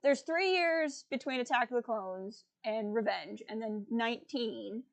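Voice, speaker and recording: A young woman co-hosting a casual fan chat, excitable and rambling, laughing often. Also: fairly high pitch, a little slow, vocal fry. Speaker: podcast co-host.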